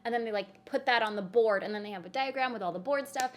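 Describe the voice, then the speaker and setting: A woman from California, a comedy writer, chatting casually and playfully as a guest. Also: on the high side. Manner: playful, talkative, quick asides. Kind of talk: casual reaction chat.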